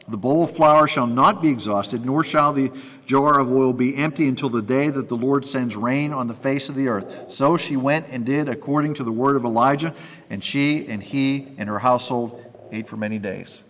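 A man's voice: medium pitch, normal speed, a bit bright. A man giving a sermon and reading scripture aloud, breaking off for conversational asides to his listeners. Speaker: preacher teaching from scripture. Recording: long reverb of a hall.

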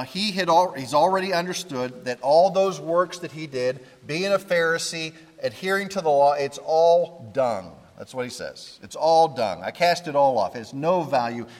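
A man's voice: a little high, fairly bright tone, long reverb tail. A man preaching a sermon, reading scripture aloud and explaining it verse by verse.

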